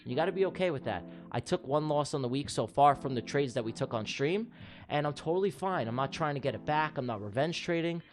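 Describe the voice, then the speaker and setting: A man from New York hosting a trading livestream, calling mock races in a rambling, excitable way before winding down, out of breath. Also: a little high, brisk. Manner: excitable, rambling, repeats himself. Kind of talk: livestream chat and race commentary.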